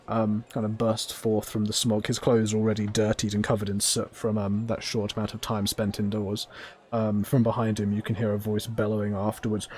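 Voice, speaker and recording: A man's voice: lowish voice, a little mellow. Man narrating as a game master. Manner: descriptive, with frequent ums.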